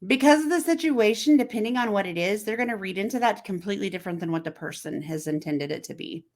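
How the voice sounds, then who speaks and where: A woman hosting a casual chat to camera, talking in a conversational way, asking the viewer questions and acting out text messages in quoted voices. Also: fairly low pitch. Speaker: host.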